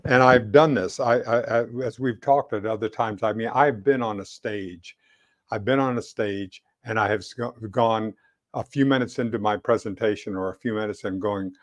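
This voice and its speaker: A man co-hosting a casual political chat show, talking in halting bursts with many restarts. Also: on the low side. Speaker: co-host.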